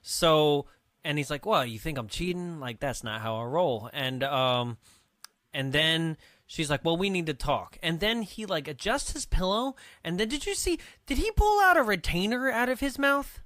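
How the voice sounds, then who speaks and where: A man with a fairly high, bright, forceful voice co-hosts a laid-back movie-review podcast. He laughs a lot and acts out scenes in quick quoted voices. The sound is dry and close. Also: animated, no echo. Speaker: podcast co-host. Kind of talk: casual movie-review banter.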